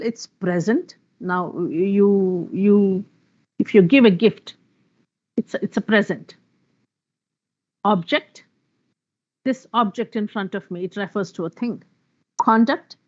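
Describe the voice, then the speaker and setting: Female workshop lecturer, mid-pitched, steady explanatory delivery, lists examples, muffled recording. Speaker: workshop speaker on pronunciation.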